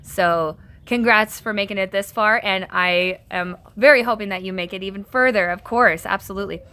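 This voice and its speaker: A woman's voice: medium pitch, moderate pace, pushed and bright. A woman hosting a casual live stream from home. She reads viewer comments aloud and answers them, chatty and self-conscious, laughing often.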